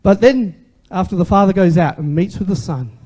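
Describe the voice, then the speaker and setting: A man's voice: high-pitched, brisk, darkish tone. A man, preaching a sermon as a pastor in a conversational way and asking the congregation questions.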